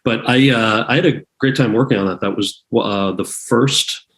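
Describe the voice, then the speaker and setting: A man's voice: medium pitch, normal speed. A man in his forties, a guest actor and author telling casual stories in an interview, acting out the people he quotes. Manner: animated anecdotes with acted-out quotes.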